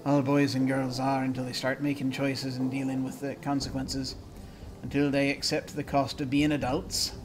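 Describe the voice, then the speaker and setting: A gruff, sour old midwife woman from a video game speaks in stern, old-fashioned riddles, as a man puts her on. Her tone is scolding and cryptic. Faint game music plays underneath. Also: a little high, fast, lightly acted. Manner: stern, scolding, archaic phrasing.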